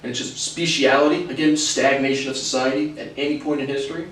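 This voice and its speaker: A man's voice: medium pitch, steady tone, quick pace, a bit bright. A man hosting a lecture series, talking in a casual, rambling way with many fillers and frequent chuckles. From United States. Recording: very echoey room, far from mic.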